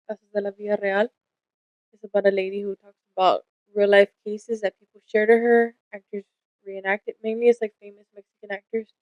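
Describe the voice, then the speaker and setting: A woman's voice: mid-range voice, a little mellow, no room sound, highs cut off. A young woman co-hosting a casual podcast, telling stories candidly and swearing freely, acting out the lines of the people in them. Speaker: podcast co-host.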